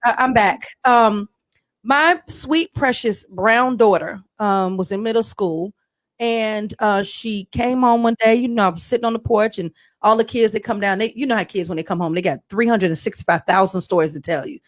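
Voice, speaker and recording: A middle-aged woman with a mid-range voice speaks at a moderate pace while co-hosting a radio podcast. Telling a story in casual chat, she is animated and acts out the voices of the people in it.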